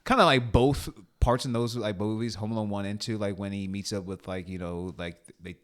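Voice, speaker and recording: Man, lowish voice, casual podcast chat, animated, swearing, acting out quotes. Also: a little fast. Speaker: podcast co-host. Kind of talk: casual movie review chat.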